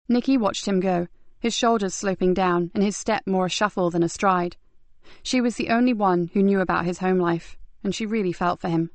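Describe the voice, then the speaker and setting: A woman narrating a crime novel audiobook in a steady, even reading manner. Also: fairly low pitch, a little fast, no echo. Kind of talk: scripted narration.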